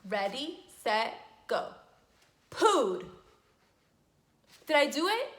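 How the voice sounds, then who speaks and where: A woman giving a children's speech lesson as a speech therapist, talking slowly with exaggerated, encouraging teacher delivery. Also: sits high, expressive, sharp tone, reverberant.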